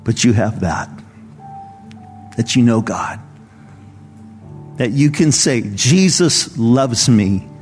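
Earnest conversational pastor preaching. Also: male voice, mid-range voice, animated, slow, long pauses, a little mellow, long reverb tail, soft background music. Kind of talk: sermon. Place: church service.

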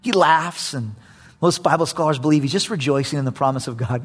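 A man preaching a sermon as a pastor, animated and acting out prayers with frequent chuckles. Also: on the high side, brisk, slightly rough, in a large hall.

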